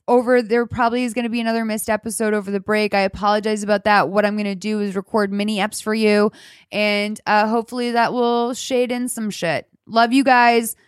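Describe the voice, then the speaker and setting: A woman's voice: medium pitch, little pitch movement, a little fast, clean tone, dry recording. A woman hosting a podcast in casual chat, gushing and swearing freely, close to tears. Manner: gushing, profane, affectionate. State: tearful. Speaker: podcast host.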